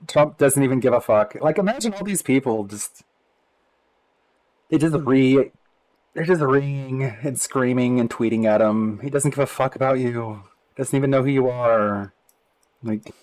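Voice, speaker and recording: A man's voice: medium pitch, a little mellow, no echo, rough recording. A man streaming live, reading out tweets and mocking them in a sarcastic commentary, often laughing between remarks.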